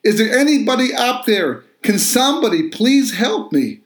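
A man voicing a desperate so-called atheist hanging from a cliff branch, pleading in a raised, excitable voice. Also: fast, echoey room. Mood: desperate, excited. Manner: pleading, excitable, high-pitched and loud.

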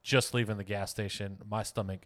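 A man in his thirties telling a story in casual podcast chat, animated and swearing freely, acting out the other people in it. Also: on the low side, brisk, no echo. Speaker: podcast co-host.

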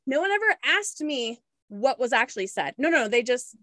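A woman's voice: fairly high pitch, animated, brisk, hardly any pauses, fairly bright tone, dry recording, clean studio sound. A young woman from Washington state hosting a casual chat, blunt and outspoken, laughing often. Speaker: podcast host.

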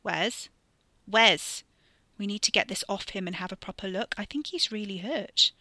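An earnest, anxious young woman, as a woman narrator puts her on, worried and pressing. The tone is bright and forward, recorded close with no room sound. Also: medium pitch, lively intonation, fairly quick, no echo.

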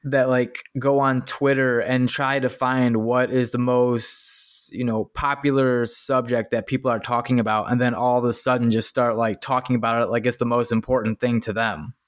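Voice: medium pitch, level tone, moderate pace, hardly any pauses, no room sound, studio quality. A podcast host chatting casually, agreeing and laughing often.

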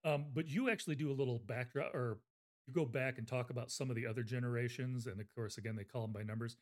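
A man's voice: medium pitch, steady tone, quick pace. A man hosting a casual livestream book interview, chatty and rambling with fillers. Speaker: interview host.

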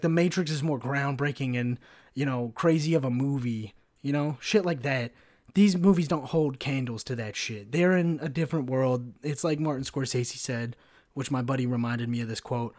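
A young man in his twenties rants alone on his podcast, heated and loose. He swears freely and wanders through his points with plenty of "like" and "you know," with a pitch in the middle for a man. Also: a little mellow. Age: 20s. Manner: profane, rambling and heated; casual, filler-heavy. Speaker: podcast host. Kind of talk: solo podcast rant.

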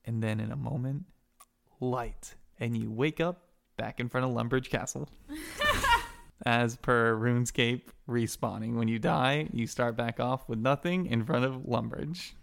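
A man's voice: medium pitch, normal speed, vocal fry. A man narrating as game master of a tabletop game, telling the story in a casual, crude way.

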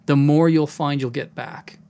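A man's voice: on the high side, measured pace, clean tone. A man hosting a casual podcast about running tabletop games, talking with animation and dropping into voices. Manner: animated, demonstrative, jumps into voices. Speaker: game master and podcast host.

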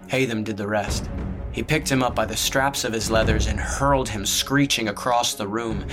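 A man with a fairly low voice reads a dark fantasy story aloud in a steady, measured way. He narrates in an even storytelling manner. Music plays clearly beneath his voice. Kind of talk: scripted audiobook narration.

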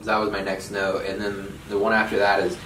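A young man hosting a casual podcast chat, animated, working through his notes and breaking into laughter. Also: on the low side, fairly quick. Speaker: podcast host. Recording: echoey room, mic far off, faint noise.

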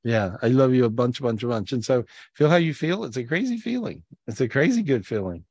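A man's voice: medium pitch, very animated, fairly quick, breathy edge, no room sound. A man hosting a live video-call podcast, guiding a healing and then greeting people, effusive and given to repeating his words. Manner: warm, effusive, repeats phrases. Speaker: spiritual healer and show host.

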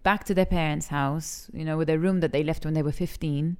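A young adult actress from Malta, speaking openly and with feeling in an interview, laughing easily. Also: female voice, deep voice, steady tone, brisk, smooth. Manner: candid and emotional, laughs easily. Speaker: actress and TV talent show judge. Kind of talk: frank interview conversation.

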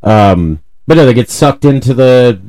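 A man's voice: mid-range voice, expressive, measured pace, warm tone, rough recording. Profane ranting man co-hosting a podcast. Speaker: podcast co-host. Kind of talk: casual comedic chat.

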